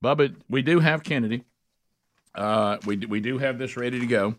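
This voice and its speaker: A man co-hosting a talk radio show, halting and repeating words in folksy banter. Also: mid-range voice, background noise. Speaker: radio co-host.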